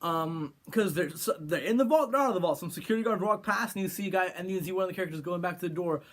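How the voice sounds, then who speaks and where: A man's voice: high-pitched, quick pace, a bit bright. A man from California giving an opinionated movie review rant, sarcastic and rambling with frequent restarts. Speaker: film reviewer.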